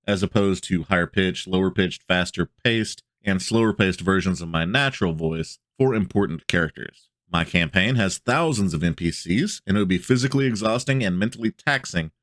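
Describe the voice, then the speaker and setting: Very low-voiced man reading aloud with asides. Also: a bit bright, no echo, clean studio sound. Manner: reads aloud, then breaks off into casual joking asides. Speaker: tabletop gaming video host. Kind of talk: reading a blog post aloud with commentary.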